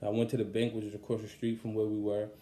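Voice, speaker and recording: A young man with a soft, mellow voice recounts a personal story in a loose, candid way, full of fillers. His voice carries a noticeable roomy echo. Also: on the low side, monotone, fast. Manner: rambling and candid, with many fillers. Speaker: songwriter telling the story behind a song. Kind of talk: casual storytelling.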